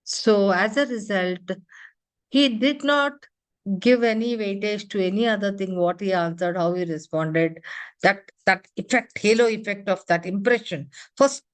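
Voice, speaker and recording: A woman trainer leads an interactive class at an ordinary middle pitch. She keeps throwing quick questions at her listeners and checks in with "huh?" and "you know" as she explains. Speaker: corporate trainer.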